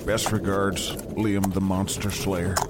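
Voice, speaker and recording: A man's voice: low voice, little pitch movement, slow, heavy background noise. A man playing a bumbling, lovesick monster hunter in a comedy sketch, earnest and crude.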